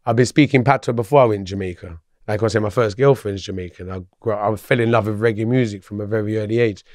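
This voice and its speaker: A man chatting as a podcast guest, animated, laughing often and restarting his sentences. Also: on the low side, quick pace, no echo, clean studio sound. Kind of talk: casual chat.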